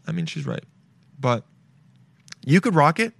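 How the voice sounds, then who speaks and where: A man's voice: mid-range voice, wildly swooping pitch, moderate pace, creaky, no room sound. A man hosting his own show alone, chatting casually in a loose, rambling way with lots of swearing and playful asides. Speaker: podcast host. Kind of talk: casual solo show chat.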